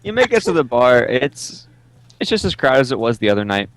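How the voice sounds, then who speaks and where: A man narrating as game master in a tabletop game, halting with many ums and uhs. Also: mid-range voice, sing-song, no room sound.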